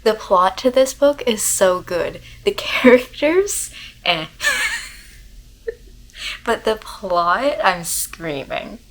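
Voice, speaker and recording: A young woman, excitedly rambling about a book to her camera in a casual reading vlog, full of fillers. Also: medium pitch, takes it slowly, rough recording. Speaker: book vlogger. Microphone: camera mic, talking to camera.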